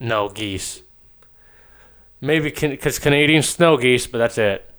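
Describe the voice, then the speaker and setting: A young man co-hosting a casual chat, making crude jokes in a deadpan way. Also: mid-range voice, slow pace, clear, resonant tone. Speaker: podcast co-host.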